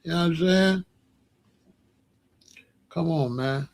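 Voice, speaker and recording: Man, high voice, casual online rant, mocking, animated, laughing. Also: slow pace, background noise. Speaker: online commentator. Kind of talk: casual ranting commentary.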